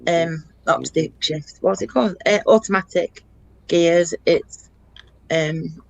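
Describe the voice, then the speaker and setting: A woman's voice: fairly low pitch, slow pace, vocal fry, no echo, rough recording. A middle-aged woman from Derbyshire with a Derbyshire accent, a caller chatting casually and often searching for words. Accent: Derbyshire English. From Derbyshire, England. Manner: rambling, searching for words with fillers. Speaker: caller on a livestream. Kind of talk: casual chat.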